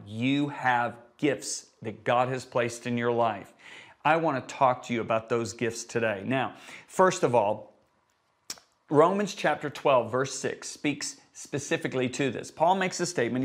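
A male preacher giving a sermon, telling a personal story and acting out the conversations in it. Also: medium pitch.

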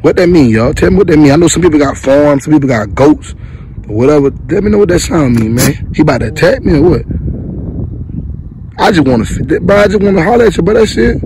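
A man's voice: a little high, animated, fairly quick, warm tone, slight background noise, poor audio. Chatty young man vlogging outdoors. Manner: loose, chatty, addresses viewers directly. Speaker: dog breeder vlogger. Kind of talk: casual slangy talk to camera.

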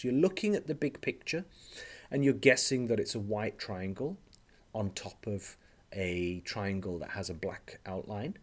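A man teaching a recorded slide lecture, explaining step by step and often checking in with "okay?", slowing down on key terms. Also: fairly low pitch. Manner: speaks slowly on key terms. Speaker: language teacher trainer.

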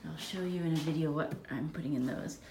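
Young woman vlogging, halting and emotional. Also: low voice, slight background noise. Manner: emotional, halting, many restarts; tired, quiet late-night talk. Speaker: vlogger, bride-to-be. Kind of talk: casual vlog talk to camera.

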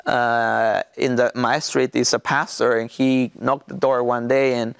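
A Mexican pastor with a Mexican Spanish accent gives his testimony in an interview, speaking halting, non-native English with many restarts and fillers. His voice is medium-pitched, level and smooth with vocal fry, recorded in studio quality with no room sound.

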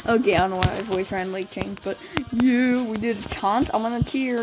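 Young woman, gaming commentary, excitable, giggly, slightly high voice, faint music behind. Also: moderate pace, rough recording. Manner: excitable, panicky squeals and giggles. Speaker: gamer. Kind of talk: casual gameplay commentary.

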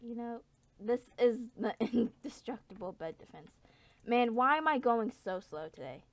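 A young woman giving casual gameplay commentary, animated, swinging from low mumbles to yelling. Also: a little slow, no echo. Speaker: gaming YouTuber.

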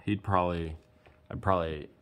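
A man's voice: low-pitched, steady tone, brisk, clear, resonant tone. A man chatting casually and teasing as co-host while sorting through a storage unit. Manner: joking, teasing. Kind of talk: casual chat.

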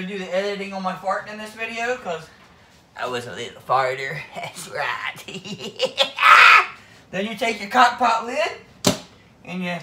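A bright-voiced Southern US man hosts a home cooking vlog with crude, rowdy humor. His voice rings around an echoey kitchen, heard from some distance off the mic. A faint hiss sits under the whole recording. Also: sits high. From Florida, US. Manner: rowdy, crude joking, repeats "that's right, folks". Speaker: cooking video host.

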